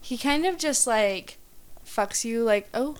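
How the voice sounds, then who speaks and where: A woman's voice: on the high side, expressive, slow, smooth. A young woman chatting as a podcast guest, giggly and rambling, with many likes and ums. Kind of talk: casual podcast chat.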